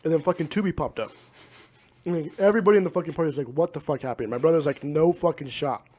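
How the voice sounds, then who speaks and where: A man talks fast as a podcast guest, animated and swearing heavily. His voice sits a little high. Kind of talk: casual chat.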